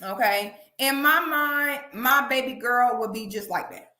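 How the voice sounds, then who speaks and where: Animated woman with a high echoey voice. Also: measured pace. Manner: animated, emphatic, repeats "okay?". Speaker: commentary channel host. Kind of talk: casual commentary livestream. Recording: echoey room.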